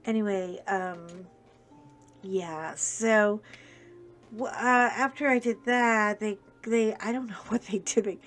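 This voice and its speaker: A woman's voice: mid-range voice, takes it slowly, fairly bright tone, faint music behind. A woman vlogger chatting casually to viewers while she works on a craft project, rambling along with self-deprecating humor.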